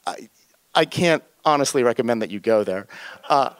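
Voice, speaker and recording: Young guy from new jersey telling a story, lively, smooth clear voice, dry sound. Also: measured pace, pauses often, dry recording. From northern New Jersey. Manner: animated, leaps into high voices for quoted people. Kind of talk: live personal storytelling.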